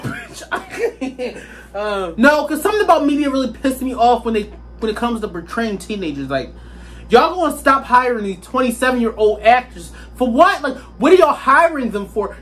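A sassy young woman chatting casually into a hand-held phone in her bedroom. She talks in slang and laughs a lot. Her voice sits a little high and swings lively up and down. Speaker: vlogger. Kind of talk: casual chat to camera.

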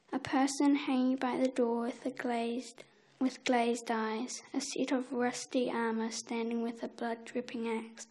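A woman reciting a spooky list poem at a measured pace, letting each verse end in a hush. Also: fairly high pitch.

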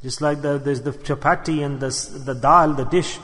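A man's voice: fairly high pitch, fairly even intonation, moderate pace, fairly bright tone. A man from the UK giving an earnest religious sermon, repeating his points and acting out small parables. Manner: earnest and repetitive, voicing people in little parables. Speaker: sheikh giving a religious talk. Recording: long hall reverb.

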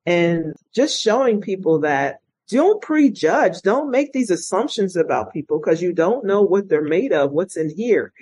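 Telling her story conversationally as an interview guest, the middle-aged former state police officer stays earnest and reflective, animated only when quoting people. Her voice is low and slightly rough, recorded without echo but with the highs cut off.

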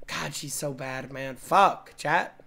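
A young man streaming and reacting to game clips, brash and profane, often breaking into shouting. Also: on the high side, slow pace, vocal fry. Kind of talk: loud casual stream commentary.

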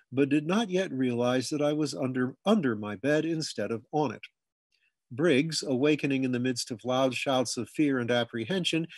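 A man narrates a comic memoir with a slightly husky, breathy tone and a middle-pitched voice. The sound is close and dry, with no room around it. He reads steadily and shifts into loud, high shouts whenever he quotes someone. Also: dry recording. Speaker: audiobook reader. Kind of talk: scripted narration of humorous memoir.

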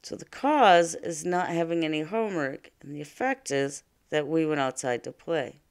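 A woman's voice: sits low, normal speed, smooth. A woman teaching a reading lesson to young children, patiently explaining ideas with simple examples.

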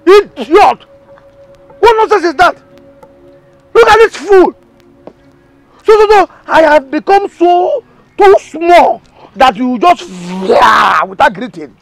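An actor with a Nigerian accent playing a loud, arrogant village man who shouts insults and mocks. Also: extremely high pitch, animated, moderate pace, vocal fry, heavily acted. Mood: scolding. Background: background music.

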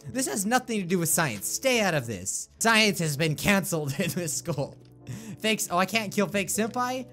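A man giving excitable gameplay commentary, laughing often and chatting to the characters on screen. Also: high-pitched, moderate pace, faint music behind. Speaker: gaming video creator.

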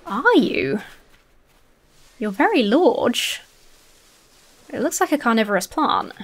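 A woman's voice: on the high side, sing-song, slow. A woman hosting a casual let's-play, chatty and gushing, swearing casually, with faint game music behind her. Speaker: gaming video host.

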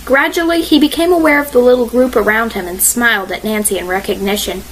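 Female audiobook narrator, measured, expressive, a touch high. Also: a little hiss or hum, rough recording.

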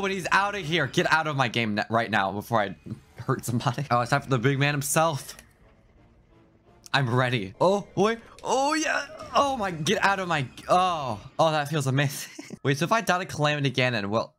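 A man doing jokey let's-play commentary over a video game, often laughing mid-sentence and jumping up in pitch when excited. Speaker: gaming YouTuber.

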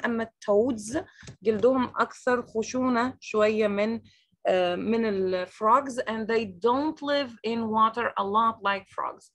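An Egyptian-accented woman teaches English vocabulary online, her voice set a little high. She says each word slowly several times, then explains it in Arabic, all heard through a video call. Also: fairly bright tone. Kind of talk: online language lesson.

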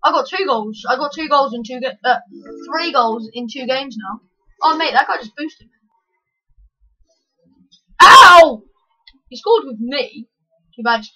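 A woman giving excitable live commentary over her own gameplay, yelling at the screen with quick self-mocking asides. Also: high-pitched, breathy edge, dull audio. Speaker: gaming channel host.

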